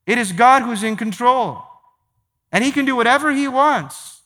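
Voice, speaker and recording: A pastor preaching a sermon to his church, emphatic, repeating phrases and slowing down to stress key points. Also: extremely high pitch, lively intonation, bright, forceful tone. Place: large church sanctuary. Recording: long hall reverb.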